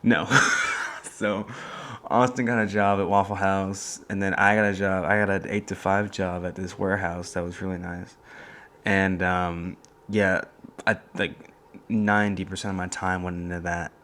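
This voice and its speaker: A young man hosting a casual solo podcast from a college dorm room, talking in a soft, hushed voice and rambling through stories. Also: low-pitched, little pitch movement, moderate pace. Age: young adult. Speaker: podcast host.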